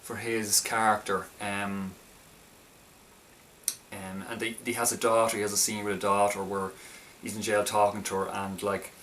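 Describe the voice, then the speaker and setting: A man's voice: lowish voice, flat delivery, moderate pace, a bit bright, recorded from a distance, a little hiss or hum. A man casually reviewing a film, talking in a hesitant, stop-start way with many restarts.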